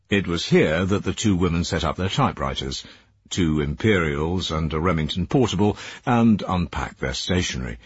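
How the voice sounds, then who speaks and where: A man narrating an audiobook in a measured, expressive way. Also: low-pitched, slightly rough, no room sound, lo-fi sound.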